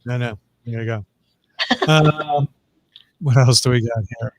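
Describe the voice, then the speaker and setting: A man hosting a casual chat, relaxed and halting, reading viewer questions. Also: medium pitch, no echo. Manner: relaxed, halting, with many fillers. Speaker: host.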